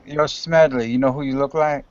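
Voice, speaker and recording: A man's voice: mid-range voice, steady tone, moderate pace, a little hiss or hum. A man bantering and teasing in casual joking chat on a live stream. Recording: dull lo-fi stream mic.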